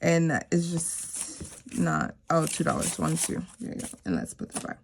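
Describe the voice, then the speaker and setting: A woman's voice: low-pitched, very animated, unhurried, creaky, slight background noise. A woman chatting casually to her viewers while doing a cash savings challenge, repeating herself for emphasis.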